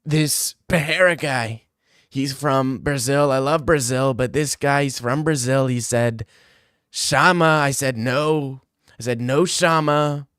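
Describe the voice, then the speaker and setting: A boastful older politician, as a man puts him on, speaking slow and emphatic and repeating himself. The sound is dry and close, with no room to it. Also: medium pitch, a bit bright, smooth, no room sound. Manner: slow, emphatic, repetitive impression.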